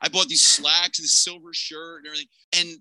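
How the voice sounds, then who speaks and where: A man in his fifties from Pennsylvania, telling a personal tale as a podcast guest with lively energy and voicing each person in it himself. His voice is very bright and forward, recorded dry and close. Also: on the high side, a little fast, no room sound, rough recording. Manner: animated, acts out the people in his story. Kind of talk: personal storytelling.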